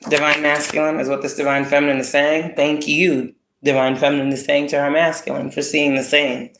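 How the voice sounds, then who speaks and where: A woman giving a casual spiritual card reading, talking bluntly with heavy profanity and streetwise slang. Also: extremely low pitch. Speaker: spiritual reader. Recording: roomy echo.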